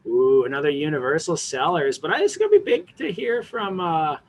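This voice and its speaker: A man's voice: on the high side, big pitch swings, fairly quick. A man hosting a casual sports podcast, steering the segments and teasing his co-hosts. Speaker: podcast host.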